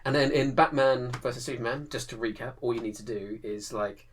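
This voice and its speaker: A man's voice: mid-range voice, fairly quick, slight background noise. Chatty man, laughing a lot. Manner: animated, laughs often, acts out lines. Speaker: podcast co-host. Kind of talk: casual chat.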